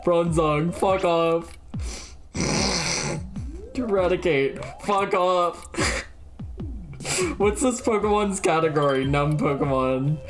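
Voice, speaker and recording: A woman's voice: fairly low pitch, lively intonation, extremely slow, pauses often, music in the background. A young woman streaming a game, blurting out guesses, swearing freely and laughing at herself. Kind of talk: casual gameplay commentary.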